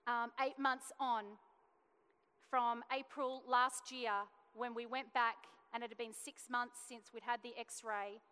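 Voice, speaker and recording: A woman's voice: fairly high pitch, fairly even intonation, slow, bright, forceful tone, clear, resonant tone. A woman in her thirties giving a testimony sermon, telling a family story earnestly and acting out the dialogue. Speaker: church speaker sharing testimony. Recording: long hall reverb.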